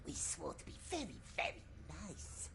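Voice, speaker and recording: A man voicing a wretched, sly creature who talks to himself and whispers about "we" in a raspy hiss. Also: on the high side, huge pitch swings, normal speed, a bit bright, exaggerated voice. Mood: creeping whisper.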